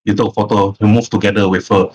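A man's voice: on the low side, little pitch movement, quick pace, a little mellow, highs cut off. A man narrating as game master, rambling with many restarts and "and then".

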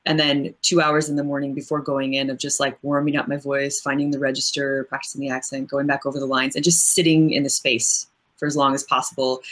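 A woman voice actress as an interview guest, explaining her craft at length in a thoughtful, casual way with frequent fillers. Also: sits low.

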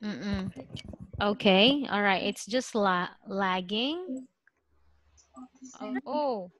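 A woman's voice: mid-range voice, very slow, a bit bright, slight background noise. A woman with a Filipino accent teaches an online lesson over a video call. She is patient and thinks aloud, with many okays. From Philippines.

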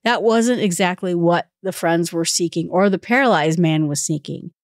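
A woman with a lowish voice leads a relaxed Bible study, walking through the passage in plain conversational terms. She talks it through with casual asides, heard dry and close with no room sound. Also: normal speed, no room sound. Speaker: Bible teacher. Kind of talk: informal Bible study talk.

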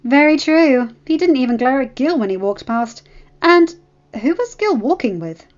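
A fierce teenage gang girl, as a woman reads her lines snaps in a high, sharp voice. The recording is dull and lo-fi. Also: expressive, moderate pace.

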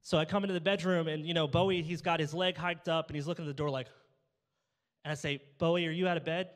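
A man's voice: on the high side, fairly even intonation, quick pace, fairly bright tone. Young male pastor preaching with humor. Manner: humorous storytelling, acts out dialogue. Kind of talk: sermon. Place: church sanctuary. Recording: church hall reverb.

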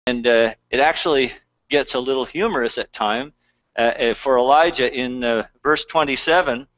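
A man's voice: medium pitch, moderate pace, fairly bright tone, no echo, poor audio. A man pastor preaching a conversational sermon, reading scripture aloud between plain asides.

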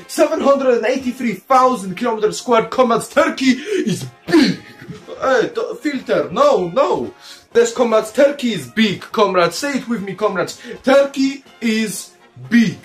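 Young male comedic host, high-pitched, rambling and irreverent, faint music behind. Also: a bit bright. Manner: calls the audience "comrades" constantly; rambling, jokey, playfully crude. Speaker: comedic country-review host. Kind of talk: comedic commentary over maps.

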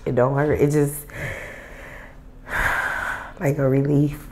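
A woman's voice: low-pitched, flat delivery, slow. A woman, a patient at a chiropractic clinic, talking in slangy casual speech and getting emotional during treatment. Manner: slangy, emotional, laughing through tears.

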